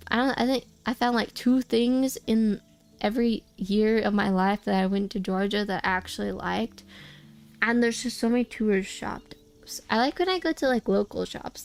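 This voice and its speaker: A woman's voice: fairly high pitch, vocal fry. A young woman streaming a game, chatting casually and rambling with many restarts. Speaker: VTuber streamer.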